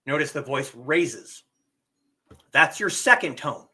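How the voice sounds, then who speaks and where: A man giving a live-streamed lesson, explaining slowly and deliberately and drawing out his spoken examples. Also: a little high, expressive, pushed and bright. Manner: reads viewer comments aloud. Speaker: teacher and streamer.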